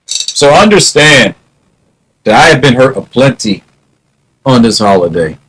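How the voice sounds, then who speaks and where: Slow, musing man with a lively voice. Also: mid-range voice, husky, low-quality recording. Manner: wry, musing, half-joking. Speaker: vlogger. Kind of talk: casual reflective monologue.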